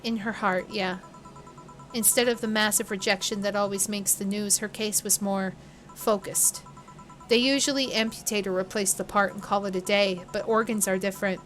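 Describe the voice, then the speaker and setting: A woman streamer voicing a blunt, grieving woman who swears when angry, with soft game music behind. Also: mid-range voice, steady tone, normal speed, natural voice. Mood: somber.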